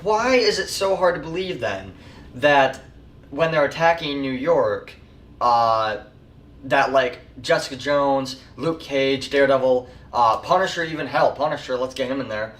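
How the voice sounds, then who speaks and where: A man's voice: mid-range voice, animated, unhurried, a bit bright. A man giving a rambling, casual spoken TV show review, full of fillers. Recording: echoey room, mic far off.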